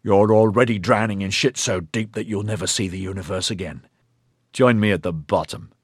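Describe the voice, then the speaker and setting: A man's voice: lowish voice, steady tone, normal speed, slightly rough, dry recording, clean studio sound. A male narrator playing a wounded police captain who speaks in a wheezing, coarse, threatening way. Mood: menacing. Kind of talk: audiobook character voice.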